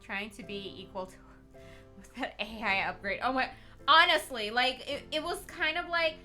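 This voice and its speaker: A woman's voice: fairly high pitch, normal speed, bright, forceful tone, soft background music. Bubbly, chatty young woman streamer. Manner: chatty, bubbly, squeals greetings to viewers; tired and rambling. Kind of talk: casual live-stream chat.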